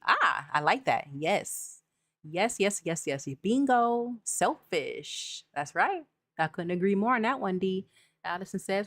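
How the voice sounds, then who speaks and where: A woman's voice: medium pitch, lively intonation, unhurried, fairly bright tone, no echo, studio quality. A woman hosting a live check-in, reading viewer comments and talking candidly and directly to her audience. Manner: candid, talks straight to viewers with "y'all". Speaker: channel host.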